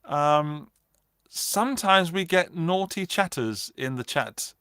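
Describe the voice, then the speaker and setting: A chatty man hosts a casual guitar livestream, reading out viewers' names and joking at his own expense. His voice is smooth and resonant, close to the mic, and the sound is dry, with no room echo. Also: on the high side, expressive, takes it slowly, sharp tone. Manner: chatty, greets chat by name, light self-mocking asides. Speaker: livestream host.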